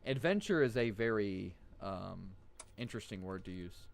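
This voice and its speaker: A man's voice: on the low side, animated, moderate pace, vocal fry. A man streaming a horror game live, his voice bouncing up and down as he jokes and swears. He reads the on-screen text aloud between wisecracks. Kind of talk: live gameplay commentary.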